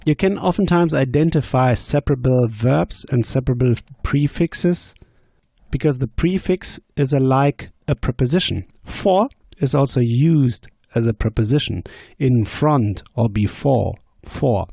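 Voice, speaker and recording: A man teaching German grammar on a podcast, slowly explaining and asking quiz questions. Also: mid-range voice, vocal fry, warm tone, slightly rough, dry recording, clean studio sound. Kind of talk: podcast language lesson.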